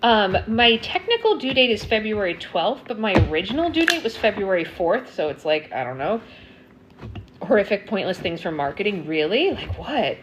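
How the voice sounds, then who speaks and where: A woman chats casually on a live stream, answering viewer comments with plenty of ums. Her pitch sits mid-range, and faint noise hums behind her. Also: big pitch swings, moderate pace, highs cut off. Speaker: slime livestream host. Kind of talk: casual livestream chat.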